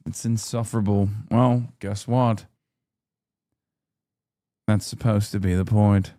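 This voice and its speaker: A man's voice: on the low side, steady tone, slow pace, warm tone, dry recording. Joking male streamer, dry sound. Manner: joking, banters with chat. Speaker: streamer host. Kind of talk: casual live-stream chat.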